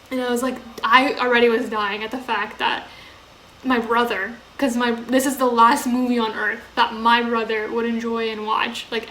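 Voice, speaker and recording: A woman's voice: a little high, bright, forceful tone. A young woman co-hosting a podcast, telling a story through laughter in casual chat, full of likes. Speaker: podcast co-host. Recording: roomy echo, faint hiss.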